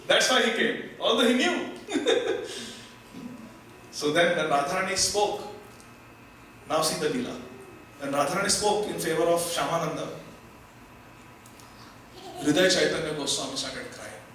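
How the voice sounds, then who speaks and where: A man teaches through devotional storytelling, fervently repeating phrases for emphasis. His voice is high and bright. It is picked up from a distance in a strongly echoing hall, with faint noise behind. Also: lively intonation, unhurried, pauses often. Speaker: spiritual teacher giving a class.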